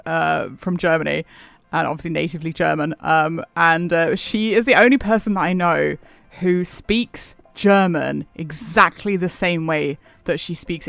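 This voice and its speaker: Answering his chat while he plays a game, this man rambles casually and laughs a lot. His voice sits slightly high with some vocal fry and a fairly bright tone, recorded without echo, and faint music plays behind him.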